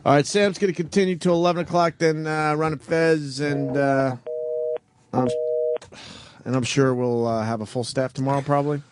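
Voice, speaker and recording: A man's voice: fairly high pitch, fairly even intonation, normal speed, noisy background. A man hosting a radio show in casual banter, teasing his crew and laughing often. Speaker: radio host.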